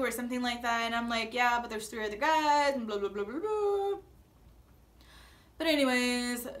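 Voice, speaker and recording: A young woman with a fairly high voice talks straight to her viewers in a casual recap. She is dramatic and playful, acting out her own reactions as she goes. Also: fairly bright tone. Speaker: vlogger recapping a reality show.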